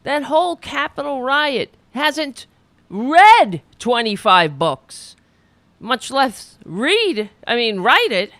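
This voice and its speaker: A woman's voice: sits high, very animated, slow, a bit bright, dry recording. A middle-aged woman hosting a show, rambling, swearing and mocking herself in a casual chat. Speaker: podcast host. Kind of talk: casual self-deprecating chat after an interview.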